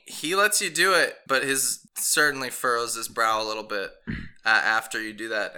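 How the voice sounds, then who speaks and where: A man narrating as game master in a tabletop game, relaxed and a little halting. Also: medium pitch, smooth.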